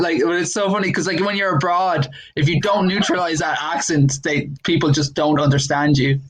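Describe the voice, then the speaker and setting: A woman's voice: sits low, steady tone, moderate pace, hardly any pauses, crowd noise. A woman with an Irish accent, a comedian co-hosting a casual chat, telling stories and laughing easily. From Ireland. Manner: chatty, laughs easily, storytelling. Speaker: podcast host, comedian.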